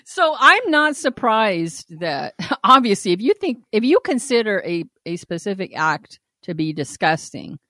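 A woman co-hosting a casual podcast, reading listener letters aloud and laughing often in a blunt, animated way. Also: mid-range voice, a little slow, hardly any pauses, no echo, clean studio sound. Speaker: podcast co-host.

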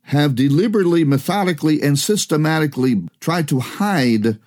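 A man preaching a radio sermon in a conversational way, posing rhetorical questions, often pausing on "uh", and alternating quick bursts with slow, stressed words. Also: fairly high pitch, animated, a little mellow. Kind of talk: broadcast sermon.

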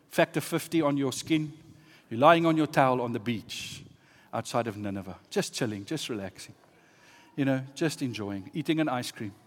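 Animated preacher man in a reverberant hall. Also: on the high side. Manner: storytelling, swinging from hushed asides to loud exclamations. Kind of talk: sermon.

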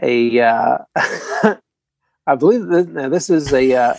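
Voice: medium pitch, expressive, takes it slowly, creaky, darkish tone, dry recording. A podcast co-host reading a listener email aloud, hesitant with many fillers. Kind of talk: casual podcast chat.

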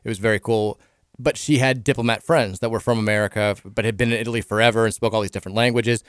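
A man in his thirties with a Kentucky accent, hosting a casual sports radio talk show, chatty and quick with frequent restarts. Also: lowish voice, fairly even intonation, clear, resonant tone, dry recording, studio quality.

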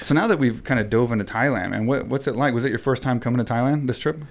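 A man of middle pitch hosts a relaxed podcast chat. He asks questions and brings the talk back on track. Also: quick pace. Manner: relaxed, steers the conversation with questions. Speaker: podcast host. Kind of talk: casual chat.

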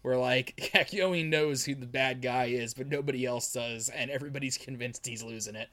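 A man's voice: medium pitch, normal speed, pushed and bright. A man co-hosting a podcast, chatting casually about a comic with wry, laughing asides. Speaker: podcast co-host.

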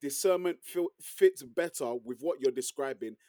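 A man's voice: mid-range voice, mellow, no room sound, clean studio sound. A man co-hosting a casual debate, explaining his view with many restarts and "bro". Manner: halting, many restarts, says "bro" and "trust me".

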